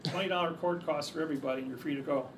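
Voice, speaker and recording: His pitch runs high, his tone holds steady and he speaks very fast while spinning loose, rambling stories to an audience. Sentences keep getting restarted; the mic is far off and there's a faint hum of background noise.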